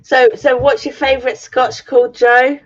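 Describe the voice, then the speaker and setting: A woman's voice: high-pitched, level tone, normal speed. A woman co-hosting a casual live chat, giggly and teasing. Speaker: co-host. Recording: dull lo-fi stream audio.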